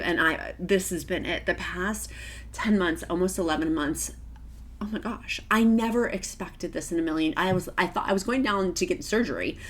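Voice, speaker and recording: A woman's voice: lowish voice, moderate pace. Emotional, gushing woman vlogger. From Virginia, United States. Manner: emotional and gushing, often near tears. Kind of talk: casual talk to camera.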